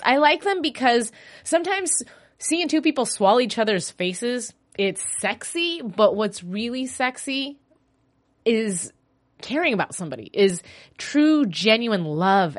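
A woman hosts a fan after-show podcast all by herself, chatting casually. Her delivery is animated and gushing, with loose, conversational phrasing. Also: mid-range voice. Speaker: solo podcast host. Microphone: podcast mic.

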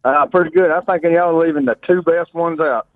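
A man calling in to a radio show with a fairly high voice and a joking manner. He comes through a narrow, phone-like line. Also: fairly quick, no echo. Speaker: caller. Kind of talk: call-in on talk radio.

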